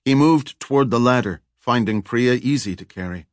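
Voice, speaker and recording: A man narrating a thriller audiobook in a steady, even reading. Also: mid-range voice, normal speed, no room sound, studio quality.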